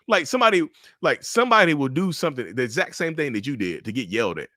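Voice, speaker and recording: A man giving blunt, animated commentary to camera about relationships. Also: fairly high pitch, rapid-fire, no room sound, studio quality.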